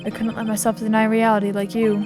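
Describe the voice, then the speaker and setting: A woman voicing a proud young male prosecutor in a courtroom game, speaking low and clipped. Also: completely flat delivery, fast talker, over music, close to an everyday voice. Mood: aloof.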